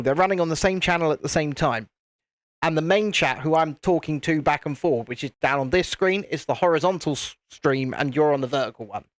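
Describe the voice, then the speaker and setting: A man's voice: on the high side, no echo, clean studio sound. A British man hosting a live stream, chatting casually and answering viewer comments. He is jokey, laughs often and restarts his sentences.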